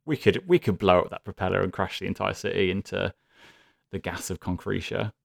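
A man's voice: deep voice, flat delivery, brisk, creaky, dry recording, studio quality. A man playing a tabletop role-playing game who also edits the show, rambling and thinking aloud. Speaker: player and editor. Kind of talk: casual game chat.

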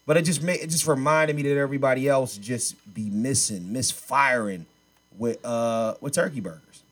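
A man's voice: medium pitch, moderate pace. A man hosting a podcast, chatting casually in loose slang and often repeating himself. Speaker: podcast host. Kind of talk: casual chat.

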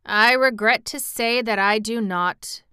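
A woman reading aloud and voicing a grand, gracious male fox king in a storybook, with a courtly, flattering manner. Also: on the high side, takes it slowly, clean tone, dry recording, clean studio sound.

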